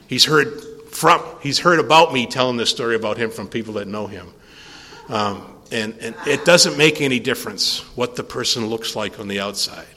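An older man speaking at a recovery meeting, telling a rambling, animated story and acting out the conversations in it. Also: medium pitch. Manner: rambling, animated storyteller who acts out dialogue. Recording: long hall reverb.

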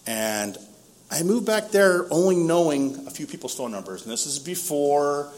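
A man's voice: a little high, lively intonation, moderate pace, a little mellow. A man in his fifties from San Diego, telling his own story in a casual, self-mocking way and laughing often. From San Diego, East County. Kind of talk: casual first-person storytelling.

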